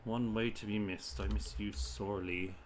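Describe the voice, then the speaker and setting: A man's voice: on the low side, steady tone, moderate pace, slight background noise. A man from the UK, a streamer thinking aloud as he solves crossword clues in short muttered bursts. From United Kingdom. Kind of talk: thinking aloud while solving.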